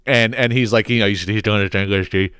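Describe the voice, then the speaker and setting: A man's voice: on the low side, steady tone, fairly quick, a bit bright, smooth, no echo, clean studio sound. A young man hosting a podcast, ranting bluntly and with lots of cursing, exasperated. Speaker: podcast host.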